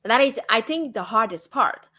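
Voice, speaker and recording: A woman's voice: on the high side, animated, moderate pace, pushed and bright. A woman from Vietnam with a Vietnamese accent, talking casually on a livestream and filling her speech with "like" and "you know". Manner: chatty, frequent fillers like "like" and "you know". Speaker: streamer.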